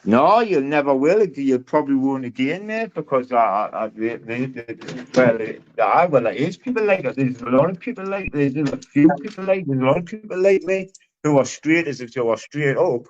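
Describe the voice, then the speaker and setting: A man's voice: mid-range voice, lively intonation, normal speed. A man talking bluntly on a livestream panel, swearing and restarting his sentences. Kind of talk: heated livestream argument. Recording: muffled lo-fi stream audio.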